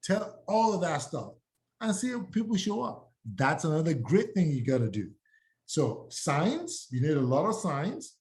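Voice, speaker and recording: A man teaching real estate agents, energetic and acting out sample door-knock pitches. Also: measured pace. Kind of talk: live training talk to agents.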